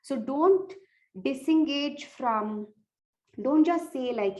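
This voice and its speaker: A woman's voice: high-pitched, animated, slow, darkish tone, poor audio. A woman giving earnest, direct tips on evaluating speeches, restarting phrases as she goes. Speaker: speech contest coach.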